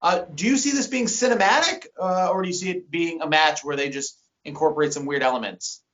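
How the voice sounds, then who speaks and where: A man's voice: on the high side, brisk, a bit bright. A man co-hosting a wrestling podcast, chatting casually, steering the topics and asking his co-host questions. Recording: lo-fi sound.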